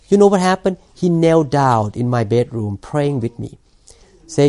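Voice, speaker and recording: Pastor guy preaching, mellow warm voice, halting, keeps repeating words. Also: mid-range voice. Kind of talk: sermon.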